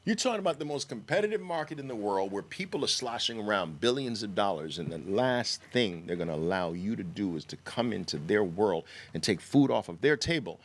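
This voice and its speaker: A middle-aged man giving an emphatic sales pitch for trading education, full of mocking rhetorical questions. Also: lively intonation, a little fast, hardly any pauses. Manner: mocking rhetorical questions, mimics naive traders.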